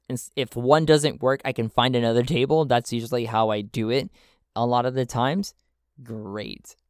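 A man's voice: medium pitch, clear, resonant tone, dry recording, clean studio sound. A man narrating a solo tabletop role-playing game, thinking aloud as he checks his rolls and charts. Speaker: solo game master and player.

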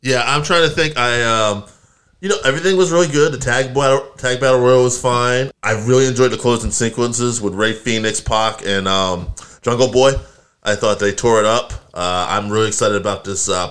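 A man co-hosting a casual wrestling podcast, animated and quick to laugh, jumping into playful voices when he retells stories. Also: medium pitch, smooth. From Puerto Rican background. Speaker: podcast co-host.

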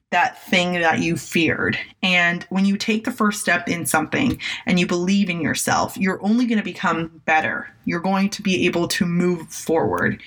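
A woman with a slightly low voice talks on her own motivational podcast. She tells her stories candidly and encourages her listeners earnestly, in the tone of a life coach. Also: fairly bright tone. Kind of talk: solo motivational podcast talk.

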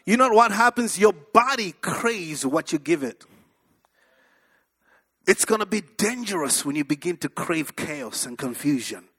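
A man preaching a sermon in church, telling stories with animated energy and shouting at the peaks. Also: on the high side, unhurried, husky. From abroad, moved to the US in 1998. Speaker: pastor.

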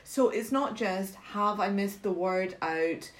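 A middle-aged woman from Britain, a mentor chatting casually and telling self-mocking stories in a lively way. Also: mid-range voice, slow pace. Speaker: guest mentor. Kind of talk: casual chat.

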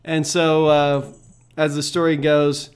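A man leading a devotional Bible reading, calm and measured, pausing with fillers as he reflects. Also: a little high, clean tone.

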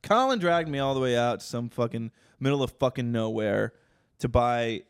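A man co-hosting a casual podcast chat, his voice smooth and resonant. He tells stories with a lot of swearing and animated bursts. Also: mid-range voice, normal speed, dry recording, studio quality. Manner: profane, animated storytelling. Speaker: podcast co-host.

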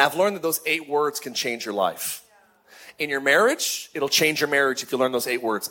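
A middle-aged man, a lead pastor, preaching a sermon in a lively, conversational way with repeated phrases. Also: medium pitch, normal speed.

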